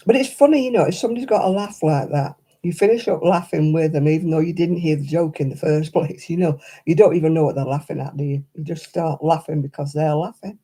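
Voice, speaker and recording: A woman's voice: deep voice, fast talker, hardly any pauses, dark tone, slightly rough. An older woman hosting a crafting livestream, telling stories in casual chat and laughing often as she talks. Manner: chatty anecdotal storyteller, laughs often.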